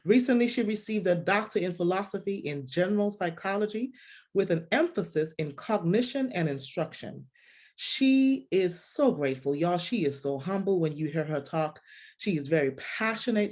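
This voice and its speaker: A woman hosting a faith-based podcast interview, effusive and full of restarts. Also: fairly low pitch. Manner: warm, effusive, with frequent restarts. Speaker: podcast host.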